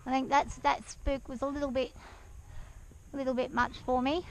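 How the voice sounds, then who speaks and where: A woman talking softly and calmly to her horse as she rides it outdoors around a farm yard, with an action camera worn while riding. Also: high voice, normal speed, pauses often, slight background noise, low-quality recording. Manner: soft, soothing coaxing of a horse. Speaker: horse rider and farm owner. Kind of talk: riding vlog narration.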